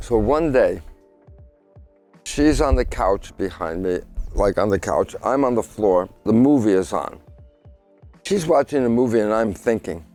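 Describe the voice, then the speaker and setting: A man's voice: on the low side, unhurried, faint music behind. An older man, a scientist, telling a personal story in a casual interview and acting out the lines he quotes. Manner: lively storyteller who acts out his own quoted lines. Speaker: guest scientist.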